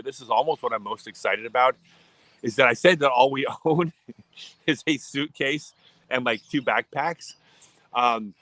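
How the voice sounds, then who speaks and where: Middle-aged man, bright voice, rambling casual livestream chat, frequent restarts. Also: medium pitch, low-quality recording. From United States. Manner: rambling, chatty, restarts sentences often. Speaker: livestream host.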